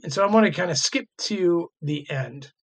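A man in casual podcast talk, retelling old myths and reading passages aloud, excited, with lots of "like" and "right". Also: a little high, normal speed, creaky. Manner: excited, laughing, many fillers like "like" and "right".

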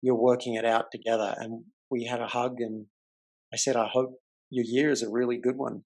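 Brisk and mid-range, this man's voice carries a casual story on his podcast. As the host, he's an animated narrator who performs the quoted voices.

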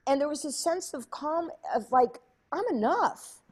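A woman telling a story as an interview guest, lively and chatty, acting out other people's voices with many fillers. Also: high voice, moderate pace. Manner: animated, acts out quoted voices, many fillers. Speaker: interview guest, speaker and coach.

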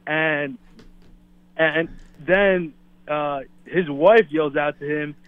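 Excitable male caller on a tinny phone line. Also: on the high side, very slow, smooth, no room sound. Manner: eager storyteller, excitable. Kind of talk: phone-in chat. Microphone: telephone.

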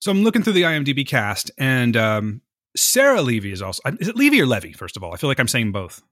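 Sleepy podcast guy talking fast, bright voice, bounces up and down. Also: mid-range voice, sing-song, dry recording, clean studio sound. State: groggy, just waking up. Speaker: podcast host. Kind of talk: casual chat.

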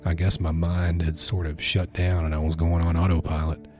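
Deep-voiced man narrating horror. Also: little pitch movement, normal speed, a little mellow, soft background music. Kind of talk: first-person horror story narration.

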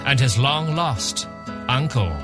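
An actor narrating a comedic audio drama in a grave, measured, mock-serious manner, addressing the listener directly. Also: male voice, medium pitch, lively intonation. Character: solemn, mock-serious male storyteller. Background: music.

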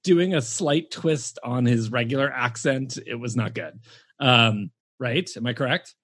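A man's voice: medium pitch, measured pace, fairly bright tone, slightly rough, dry recording, clean studio sound. A man co-hosting a film review podcast, chatting casually and laughing easily. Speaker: podcast co-host.

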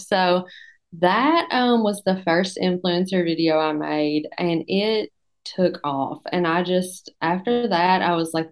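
A young adult woman, a dietitian guest, telling stories in a self-deprecating, animated way on a podcast. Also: on the low side. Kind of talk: casual podcast interview.

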